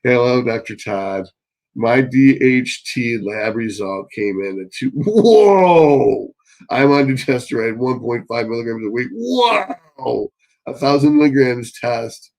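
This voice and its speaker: A man's voice: mid-range voice, fairly even intonation, normal speed, poor audio. Blunt, profane man hosting a live Q&A. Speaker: host answering live chat questions. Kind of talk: live stream Q&A, casual chat.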